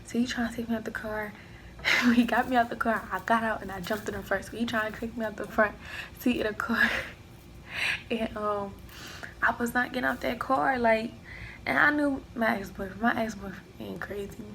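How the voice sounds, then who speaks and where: Young woman, gravelly voice, animated story. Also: fairly high pitch, normal speed, slight background noise, rough recording. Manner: animated storytelling, acting out both sides of an argument. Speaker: vlogger. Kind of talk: casual storytime.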